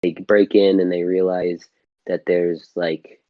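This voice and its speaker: Low-voiced male podcast co-host, rambling casual film chat, dull dry lo-fi sound. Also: level tone, slow, no echo. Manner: rambling, loose, swears casually.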